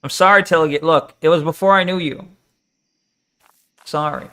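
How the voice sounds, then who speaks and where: A man's voice: on the high side, normal speed, sharp tone. A man casually chatting and joking while streaming a game, reading chat aloud and swearing now and then. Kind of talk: casual live game commentary.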